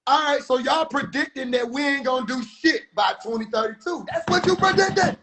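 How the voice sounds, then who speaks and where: A man giving heated, profane, incredulous commentary, often breaking into shouts. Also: very high-pitched, brisk, soft background music. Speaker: video commentator. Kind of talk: ranting commentary.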